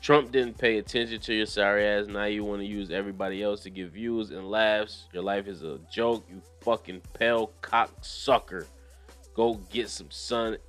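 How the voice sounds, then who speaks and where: A young man with a fairly low voice talks through the news in loose, profane commentary. He breaks into laughter often and riffs animatedly between the lines he reads. Faint music plays behind him. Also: a bit bright. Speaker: commentary channel host. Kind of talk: casual commentary, reading news aloud.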